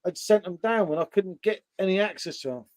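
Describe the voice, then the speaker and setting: A high-pitched man hosting a beer chat, his tone mellow and his sound dry and close. He talks bluntly and swears freely, moving between stories and banter. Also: brisk, no echo. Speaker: beer channel host. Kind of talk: casual chat.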